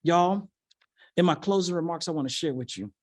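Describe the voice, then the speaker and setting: A man telling a personal story as a motivational speaker in a virtual keynote, animated and calling out to his audience. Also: fairly high pitch, moderate pace. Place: virtual event from home.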